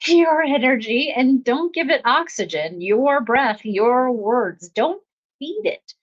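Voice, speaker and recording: A woman hosting a self-help podcast, talking calmly about pausing before reacting, with steady, repeating coaching phrases and soft laughs. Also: fairly high pitch, dull audio. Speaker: podcast host. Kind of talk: reflective self-help talk.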